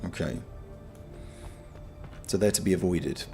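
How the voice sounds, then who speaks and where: A man giving casual, sweary live commentary on a game, yelling at enemies and chatting with viewers. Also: deep voice, unhurried, vocal fry, faint music behind. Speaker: game streamer.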